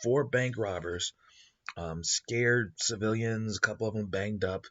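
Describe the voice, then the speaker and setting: A man's voice: fairly low pitch, steady tone, a little slow, a bit bright, lo-fi sound. A man hosting a show, improvising a story in a rambling way with many fillers. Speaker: host.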